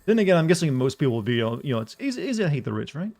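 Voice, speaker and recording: Deadpan male streamer. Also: a little high, very fast. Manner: flat, deadpan delivery. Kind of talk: casual live-stream commentary.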